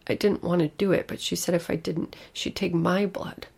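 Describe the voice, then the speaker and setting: A woman voicing a frightened, tearful five-year-old girl who pleads in a breathy, whispery voice. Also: on the low side, steady tone, moderate pace, darkish tone. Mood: pleading.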